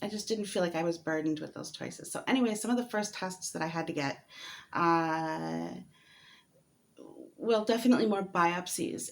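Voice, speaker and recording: Woman vlogger, low voice with vocal fry, hesitant candid storytelling. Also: a little hiss or hum. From United States. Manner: hesitant and candid, many fillers, laughs while talking. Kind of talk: personal story vlog.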